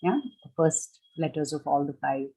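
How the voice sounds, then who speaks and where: Mellow low-voiced woman leading a workshop. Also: fairly even intonation, normal speed, husky, low-quality recording. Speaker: workshop speaker on grief and loss. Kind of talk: reflective workshop talk.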